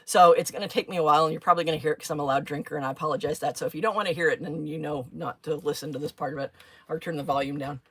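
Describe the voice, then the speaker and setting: Talking fast and low, a woman streams live from her craft desk, her steady voice bright and sharp-edged with a breathy edge. Casual and chatty, she giggles often and shifts between musing to herself and responding to comments from viewers. There's no room sound.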